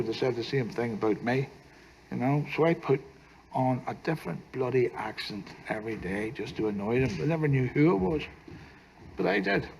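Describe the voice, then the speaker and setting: An older actor playing a gentle, humorous grandfather who gives his grandson life advice in a film scene, with a teasing tone. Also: mid-range voice, creaky, slight background noise, poor audio.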